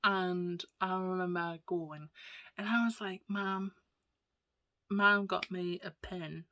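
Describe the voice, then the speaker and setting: A woman's voice: fairly low pitch, fairly even intonation, takes it slowly. Young-sounding woman, casual vlog storyteller, rambly, slips into whispered asides. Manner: chatty, rambling, drops into soft whispered asides. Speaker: vlogger.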